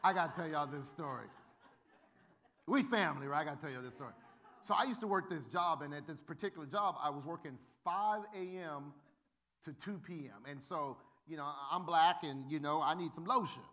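A man's voice: a little high, a little fast. A male pastor preaching a sermon, telling funny stories and acting out the voices of people in them. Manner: animated, humorous, acts out quoted voices. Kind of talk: sermon with storytelling.

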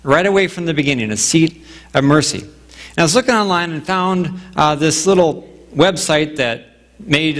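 A man's voice: on the high side, long reverb tail. A man pastor preaching a sermon in a conversational way, acting out little asides and asking rhetorical questions of the congregation. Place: church sanctuary.

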